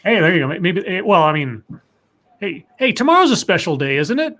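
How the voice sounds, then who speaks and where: Chatty higher-pitched male stream host. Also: sing-song, brisk, fairly bright tone. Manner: rambling, chatty, many restarts. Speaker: podcast co-host reading viewer messages. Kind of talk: casual live-stream chat.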